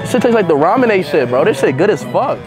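A young American man with a sore throat, vlogging casually on city streets and talking in loud, excitable bursts. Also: high-pitched, brisk, over music. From United States. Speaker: livestreamer vlogger. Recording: noisy street background.

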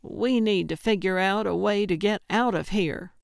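A woman narrator voicing an older woman amateur detective, stubborn and deadpan. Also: mid-range voice, moderate pace, vocal fry, dry recording, clean studio sound, natural voice. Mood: dry. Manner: deadpan, sarcastic.

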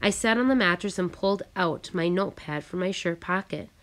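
A woman narrating a storybook reading in a measured, careful way. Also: fairly low pitch. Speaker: audiobook narrator.

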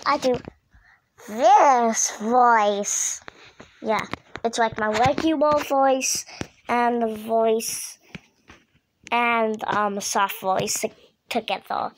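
Slow, hesitant woman vlogger with background noise. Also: on the high side, fairly even intonation. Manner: hesitant, full of ums and restarts. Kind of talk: casual chat explaining her voiceover voices.

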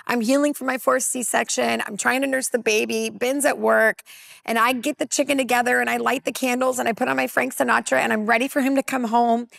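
Woman pastor in her 40s, high voice with tons of fry, telling her story on a panel, dry close sound. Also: brisk, no echo. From California. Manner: lively storyteller, acts out quoted dialogue. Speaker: women's pastor. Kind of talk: personal testimony on a talk panel.

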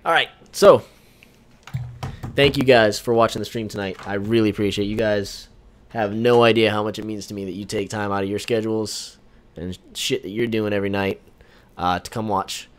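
A young man streaming a video game, chatting casually and rambling, breaking into sudden excited shouts and swearing. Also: on the low side, moderate pace. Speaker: gaming streamer. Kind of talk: casual live-stream chat.

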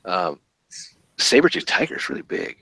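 A man's voice: low-pitched, very animated, moderate pace, bright, forceful tone, dry recording, low-quality recording. A man hosting a podcast, chatting casually and thinking aloud with fillers about collectible toys. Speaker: podcast host.

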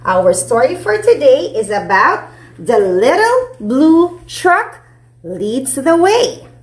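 A woman preschool teacher reading a picture book to young children. She talks slowly and with encouragement, stopping often to ask them questions. Her voice is high and swings around a lot. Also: big pitch swings.

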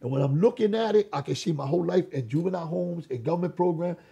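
An older man with a very raspy voice, giving an animated personal testimony as an interview guest, acting out dialogue and restarting his sentences often. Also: on the high side, quick pace, muffled recording. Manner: re-enacts dialogue, repeats words and restarts often. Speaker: interview guest, former gang leader.

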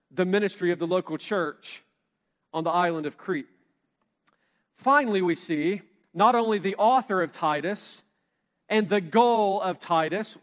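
A man with a notably high voice gives an expository Bible teaching, leaning hard on key phrases and slowing for emphasis. His voice rings out with a long reverb tail, as if in a large hall. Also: fairly bright tone. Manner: emphatic, measured preaching with slowed stressed phrases. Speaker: pastor teaching a Bible study.

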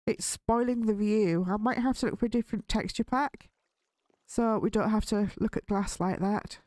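Chatty woman narrating relaxed gameplay. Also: medium pitch, no room sound. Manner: chatty, easily spooked, nervous laughs. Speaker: gaming channel host. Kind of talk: relaxed Minecraft let's play commentary.

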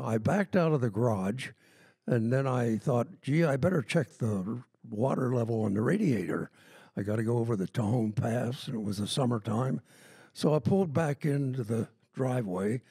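An older man at an open mic telling a rambling anecdote before his song, with many pauses and fillers. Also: mid-range voice, warm tone, slightly rough, no room sound. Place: live open mic at a music event. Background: plucked autoharp playing.

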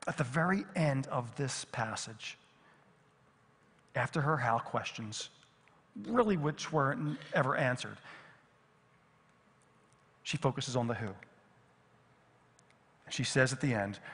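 A middle-aged man preaching a sermon as pastor, swinging from lively emphasis to hushed, near-whispered repetitions. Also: mid-range voice, takes it slowly, long pauses, breathy edge. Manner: dynamic, drops to near whisper on repeated phrases. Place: church sanctuary. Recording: long reverb of a church hall.

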